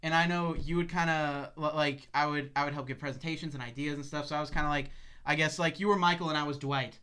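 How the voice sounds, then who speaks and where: Animated young man telling stories. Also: a little high, fast talker, clean tone. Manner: animated storyteller, mimics people in quotes, laughs often. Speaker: podcast co-host. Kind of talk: casual storytelling chat.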